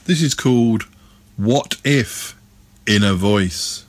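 A man performs his own humorous poems in a slow, deliberate recitation. His delivery is theatrical, swooping up and down for comic effect. The sound is dry and close, with no room around it. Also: mid-range voice, lively intonation, no room sound.

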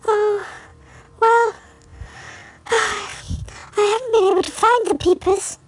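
A tiny squeaky alien, earnest and plaintive. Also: female voice, steady tone, takes it slowly. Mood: sad. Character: small, gentle alien creature, anxious and sad. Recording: echoey and distant from the mic.

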